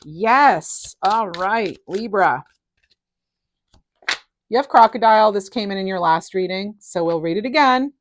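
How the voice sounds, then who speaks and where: A middle-aged woman giving a casual tarot reading, enthusiastic and animated, her voice rising and falling in loudness. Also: mid-range voice, a little slow, long pauses, slight background noise. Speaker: tarot reader.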